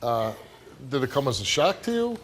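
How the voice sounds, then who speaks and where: A man's voice: mid-range voice, big pitch swings, moderate pace, fairly bright tone, a little hiss or hum. Direct, probing male talk show host.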